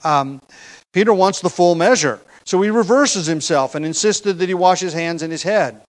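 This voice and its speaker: A man's voice: high voice, moderate pace, rough recording. A man preaching an expository sermon, explaining a text with emphasis, occasional fillers and light chuckles.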